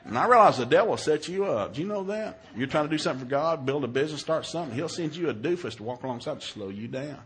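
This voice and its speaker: A middle-aged man preaching a humorous sermon, telling stories with jokey, animated delivery and sudden loud exclamations. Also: fairly high pitch, fast talker, hardly any pauses, a little hiss or hum.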